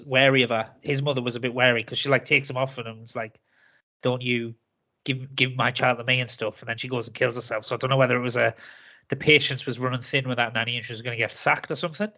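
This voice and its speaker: A man's voice: medium pitch, fairly even intonation, racing, bright, forceful tone, lo-fi sound. A man chatting casually on a film podcast, recapping scenes with laughter and swearing. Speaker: podcast co-host.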